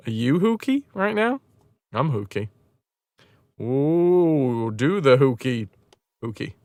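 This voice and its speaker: Animated, swearing British man streaming at home. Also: fairly high pitch, slow, long pauses, no echo, studio quality. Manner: animated, joking, swears freely. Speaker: game streamer. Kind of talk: casual livestream chat.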